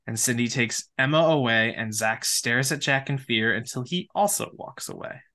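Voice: mid-range voice, moderate pace, bright, forceful tone. A podcast co-host who recaps TV scenes step by step, then banters with a sibling co-host. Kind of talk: casual recap chat.

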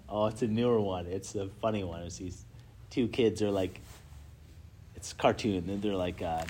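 A man's voice: lowish voice, dark tone, slight background noise. A man leading a casual group Bible study, telling stories with lots of filler words and reading Scripture aloud.

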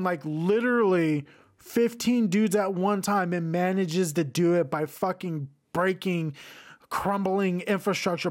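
A man hosting a podcast, giving a rambling, profanity-heavy film review in a casual rant. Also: sits high. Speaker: podcast host reviewing films.

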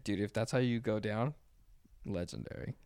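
Young man with a smooth voice, podcast guest. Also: fairly low pitch, normal speed, darkish tone, no room sound, studio quality. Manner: crude, joking, drawling. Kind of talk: casual podcast chat.

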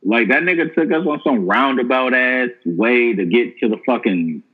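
A man's voice: mid-range voice, normal speed, narrow, tinny audio. A man co-hosting a casual chat, rambling with many fillers and profanity.

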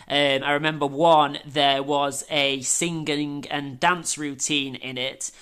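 A man's voice: on the high side, little pitch movement, slow, a bit bright, clean tone. Male actor, wry and anecdotal, hesitant delivery in casual chat. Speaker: caller, actor.

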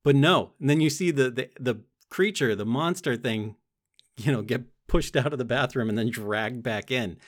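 Excitable, swearing young man hosting a podcast. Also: mid-range voice, moderate pace. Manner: excitable, profane, rambling with frequent laughs. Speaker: podcast host. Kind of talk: casual solo podcast review.

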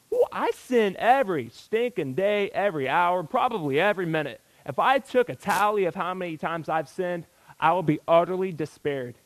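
A man's voice: sits high, no echo, poor audio. A man preaching a sermon in a folksy, exclamatory way, breaking into sudden outbursts.

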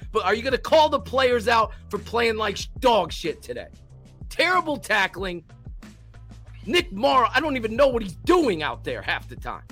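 Man, sports fan rant, shouting, profane, lively pitch, faint music behind. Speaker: podcast co-host. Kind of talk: post-game sports rant.

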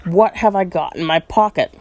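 A woman voicing a small, frightened male hobbit who blurts his lines in anxious, squeaky bursts during a storybook reading. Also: normal speed, a little mellow, no echo, lightly acted. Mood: wondering.

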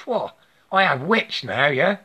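A man in his late fifties delivers a rambling spiritual monologue, swearing freely and ending most sentences with "yeah?". His voice is high, animated and sharp, and he speaks a little slowly. He's profane and repetitive.

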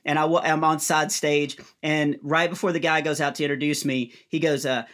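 A man's voice: fairly high pitch, normal speed, hardly any pauses. A middle-aged man, a comedian and guest, telling a comic story and acting out the lines of the people in it. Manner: lively storyteller who acts out other people's lines.

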